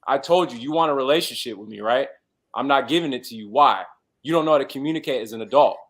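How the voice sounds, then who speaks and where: A man's voice: medium pitch, fast talker, fairly bright tone. A man in his thirties on a casual panel chat, telling a story in a blunt, lecturing way. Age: 30s.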